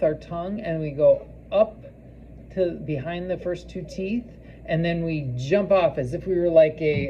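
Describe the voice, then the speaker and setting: A man giving a casual spoken language lesson, slowly repeating foreign phrases and using many fillers. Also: fairly high pitch, warm tone, dull audio, a little hiss or hum. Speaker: language teacher.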